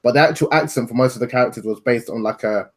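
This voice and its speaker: A man from West Africa talking as an interview guest, quick and earnest, often correcting himself mid-thought. His voice sits at an ordinary middle pitch. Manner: fast, earnest, adds asides and self-corrections. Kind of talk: casual conversation.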